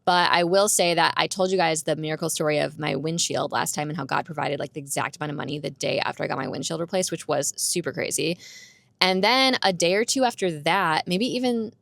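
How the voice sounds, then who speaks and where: A young adult woman hosts her own podcast, chatting candidly by herself and laughing a lot, recorded on a microphone borrowed from her roommate. Her low voice is brisk and a little bright, with vocal fry and no echo.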